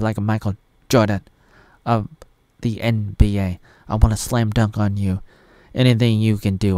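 A man's voice: on the low side, darkish tone, no echo. A man in his thirties from Oregon, ranting in a rambling, self-mocking solo vlog with lots of asides. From Oregon, USA. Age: 30s. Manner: self-mocking, digressive, with pop-culture asides. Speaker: vlogger.

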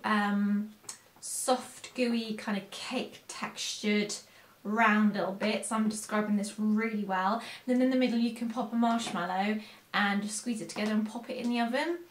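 A woman's voice: fairly high pitch, roomy sound, background noise. A woman, chatting casually and rambling to camera as a haul vlogger, poking fun at herself. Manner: chatty, rambling and self-mocking.

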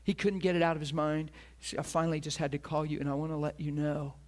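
A man's voice: a little high, little pitch movement, fast, darkish tone. A middle-aged man preaching a sermon as a pastor, telling a personal story earnestly and acting out the voices of the people in it.

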